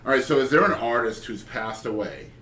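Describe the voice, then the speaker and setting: A man's voice: mid-range voice, brisk, fairly bright tone. A man hosting a casual interview, joking and bantering playfully with his guests. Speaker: podcast host. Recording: roomy, distant mic, faint noise.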